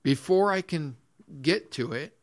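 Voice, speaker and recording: A man's voice: fairly high pitch, expressive, measured pace. A man preaching a sermon in earnest, repeating his phrases, restarting sentences and reading scripture aloud. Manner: reads scripture in old-fashioned phrasing. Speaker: pastor.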